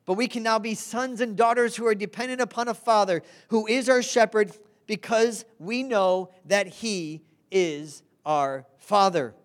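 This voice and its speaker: A woman's voice: mid-range voice, unhurried, few pauses. Earnest woman preaching a sermon. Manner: earnest, asks the congregation to respond.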